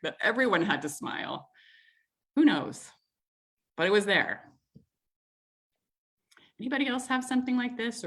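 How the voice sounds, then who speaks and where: A woman in her thirties hosting a community group, telling a family story in a chatty, animated way, with frequent laughs and filler words. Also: on the high side. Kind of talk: casual storytelling in an online group talk.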